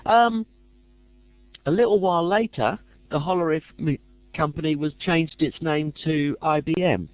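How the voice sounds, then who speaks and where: A man's voice: a little high, a little slow, no echo, lo-fi sound. A man giving a casual lecture as a teacher, chatty with dry jokey asides.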